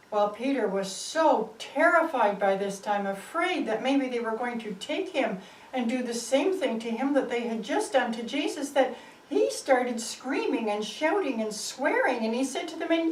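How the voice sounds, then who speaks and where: A woman storyteller telling a Bible story in a slow, expressive way, rising and falling with the drama. Her voice sits fairly high and is heard from a distance in an echoey room. A faint ambience hums behind her.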